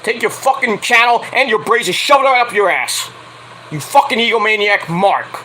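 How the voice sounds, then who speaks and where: A man's voice: high voice, expressive, moderate pace, bright, forceful tone, slight background noise, low-quality recording. A man ranting heatedly on a late-night livestream, swearing constantly as he reviews wrestling. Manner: profane, heated, fired-up ranting.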